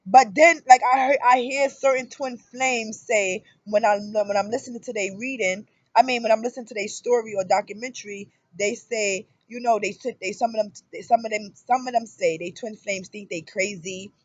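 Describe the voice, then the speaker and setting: A woman in her thirties talking casually to camera about her relationship, in an animated storytelling manner that jumps up loud for emphasis. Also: fairly high pitch, normal speed, hardly any pauses, no echo, dull audio. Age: 30s. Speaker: spiritual vlogger. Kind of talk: casual personal monologue.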